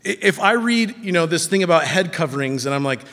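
High-voiced man preaching in a reverberant hall. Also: expressive, a little fast, few pauses, fairly bright tone. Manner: emphatic, repeating phrases for stress, with asides to the congregation. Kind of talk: sermon.

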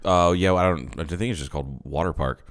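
A man's voice: sits low, fast talker. A middle-aged man co-hosting a podcast, talking bluntly with lots of swearing and laughter. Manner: blunt and profane, laughs often. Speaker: podcast co-host. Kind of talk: casual chat.

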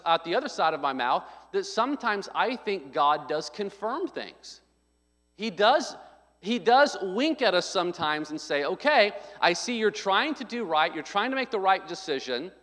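A male pastor preaching a sermon, emphatic and conversational, with frequent restarts and loud stressed points. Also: high voice, in a large hall.

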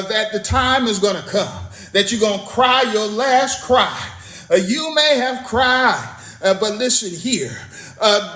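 A man's voice: high voice, fairly bright tone, echoey room. A man preaching a sermon, fervent and repetitive, breaking into spoken praise between points.

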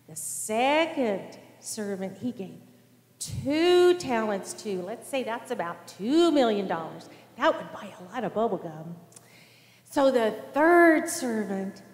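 Lady doing the kids' sermon, chatty n simple, big echoey church. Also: on the high side. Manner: simple, animated, talks to kids directly. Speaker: children's sermon leader. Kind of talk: children's sermon storytelling.

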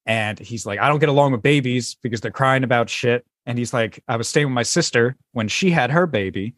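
A man co-hosting a podcast in casual chat, retelling comedy bits with animated put-on voices. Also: medium pitch, brisk, no echo, clean studio sound. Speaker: podcast co-host.

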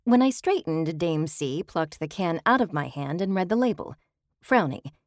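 A woman narrating an audiobook in the first person, wry and expressive, on a close studio mic. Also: lowish voice, moderate pace, no echo.

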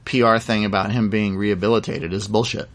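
A man's voice: lowish voice, little pitch movement, brisk. A man in casual chat, telling a story from a shoot with lots of fillers and restarts. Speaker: guest actor.

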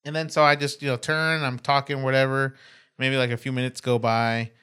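A man's voice: mid-range voice, little pitch movement, a little fast, bright, forceful tone, clear, resonant tone. Swearing man telling a bar story. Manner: swears freely, laughs mid-story, rambling with fillers. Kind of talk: casual storytelling chat.

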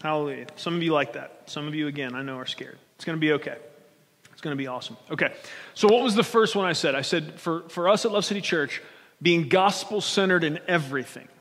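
A man's voice: a little high, fast talker, a bit bright. A male pastor preaching a sermon in a conversational way, often checking in with his congregation. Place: church sanctuary. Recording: long church hall reverb.

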